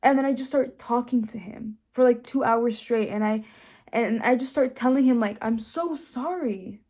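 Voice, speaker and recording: Mellow-voiced young woman sharing her faith story. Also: on the high side, steady tone, normal speed. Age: young adult. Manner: earnest, filler-heavy with frequent restarts. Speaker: host sharing her testimony. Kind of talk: personal testimony, casual storytelling.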